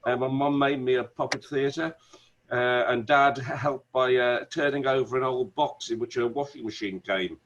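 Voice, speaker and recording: A middle-aged man with a Wolverhampton accent, a barrister, telling animated stories as a guest on a video call. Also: medium pitch, normal speed, muffled recording, a little hiss or hum. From Wolverhampton, England. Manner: animated storyteller, many restarts. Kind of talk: conversational interview.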